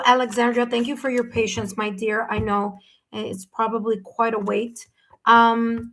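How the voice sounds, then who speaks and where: A woman doing a live tarot reading for viewers, her voice sitting a little on the high side. She talks in a gentle, reassuring way and keeps checking in with the listener as she goes. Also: slight background noise. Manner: gentle, reassuring, says "okay?" and "my dear" often. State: hiccups. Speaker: tarot reader.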